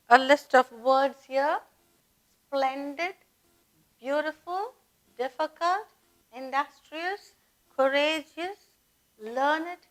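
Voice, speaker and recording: Woman English teacher, high pitch, slow measured delivery, pausing between listed words. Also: sharp tone, poor audio. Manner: slow, deliberate, spells out word lists with pauses. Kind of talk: slow classroom grammar lesson.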